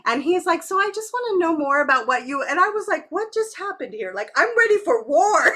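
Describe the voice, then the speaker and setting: A woman's voice: very high voice, sing-song, brisk, hardly any pauses, a bit bright. A woman co-hosting a podcast, chatting candidly, swearing freely and laughing often. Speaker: podcast co-host. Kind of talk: casual chat.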